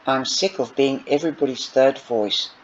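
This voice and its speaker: A man reading aloud who voices a defensive, anxious teenage girl, lifting his pitch for her outbursts, in a dull lo-fi recording. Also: normal speed, natural voice. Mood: upset. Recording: dull lo-fi recording with faint noise.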